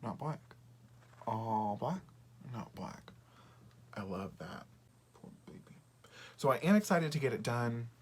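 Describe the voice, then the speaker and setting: A man chatting casually through a makeup tutorial, often dropping to a soft half-whisper while he works. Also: mid-range voice, sing-song, slow pace, long pauses, slight background noise. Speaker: beauty vlogger.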